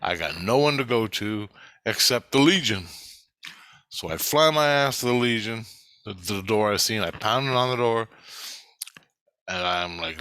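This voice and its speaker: A man's voice: on the low side, expressive, unhurried, pauses often, sharp tone, smooth, dry recording. A man rambling through a personal story in the first person, swearing freely and often restarting his sentences. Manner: profane, restless, with frequent restarts and self-corrections. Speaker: vlogger recounting personal spiritual experiences.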